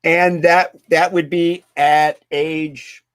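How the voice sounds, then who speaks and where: A man hosting a casual interview, enthusiastic and quick to agree. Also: on the high side, little pitch movement, clean tone. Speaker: podcast host.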